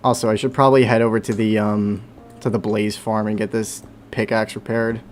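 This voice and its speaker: A young male streamer chats casually while playing, rambling and talking to himself with hums and sound effects. His voice sits on the low side with little pitch movement, he talks a little fast, and faint music plays behind him.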